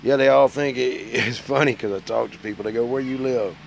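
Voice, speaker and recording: His voice sits mid-range, with a steady tone, some creak and a fairly quick pace, and there's slight background noise. The speaker, a hungover model-building streamer from Mississippi, rambles through casual chat in a folksy, self-mocking manner.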